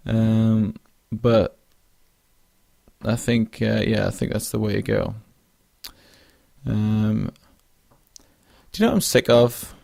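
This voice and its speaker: Young guy rambling on his podcast, lowish gravelly voice, lots of ums, kinda yawny, dry close sound. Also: takes it slowly, pauses often, mellow, no echo. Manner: rambling, frequent fillers and restarts. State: yawning, drowsy. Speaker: podcast host. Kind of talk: casual solo monologue.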